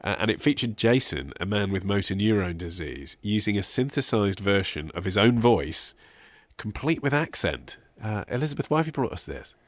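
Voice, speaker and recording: A man's voice: fairly low pitch, sing-song, normal speed, no echo. A man hosting a podcast discussion, asking questions and steering the panel. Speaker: podcast host.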